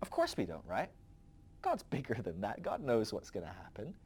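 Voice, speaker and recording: A man's voice: lowish voice, wildly swooping pitch, normal speed, a little mellow, slightly rough. A man hosting a podcast, talking through a rambling, conversational philosophical monologue with frequent asides to the listener. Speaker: podcast host.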